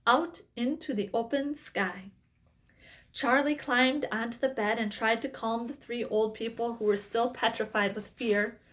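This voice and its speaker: A woman reading a children's book aloud in plain storytelling, with small slips now and then. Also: on the high side. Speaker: reader.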